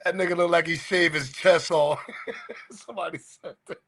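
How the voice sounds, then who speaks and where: A man with a fairly high voice hosts a livestream and reacts to what he sees. He keeps breaking into laughter and shouting the same exclamations again and again. He talks loosely and casually. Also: steady tone, normal speed, slight background noise. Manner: breaks into laughter constantly, loud repeated exclamations. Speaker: livestream host.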